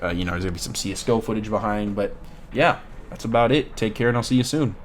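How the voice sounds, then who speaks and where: Blunt, opinionated man, somewhat low voice. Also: brisk, slight background noise. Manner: blunt, swears casually, opinionated. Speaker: collectibles video creator. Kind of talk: casual commentary to camera.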